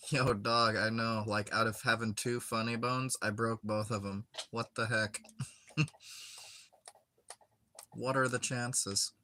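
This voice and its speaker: A man's voice: medium pitch, fairly even intonation, takes it slowly, pauses often, sharp tone. A young man chatting casually while he plays a game, rambling with lots of filler words and frequent giggles. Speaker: gaming streamer.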